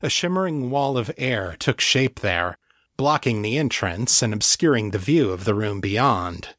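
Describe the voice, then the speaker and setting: A man reading a novel aloud as an audiobook narrator, in an even, measured storytelling way. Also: lowish voice, no room sound, clean studio sound.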